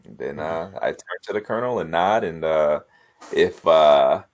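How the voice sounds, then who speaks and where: A man playing a tabletop game, speaking haltingly with many fillers and frequent laughter. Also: very deep voice, darkish tone. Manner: halting, full of uhs, laughs often. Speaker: player.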